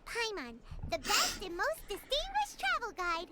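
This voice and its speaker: A woman's voice: extremely high pitch, very animated, a little slow, heavy background noise, exaggerated voice. A woman voicing a tiny, proud girl companion who speaks of herself in the third person, in a game. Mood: chirpy. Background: loud game music.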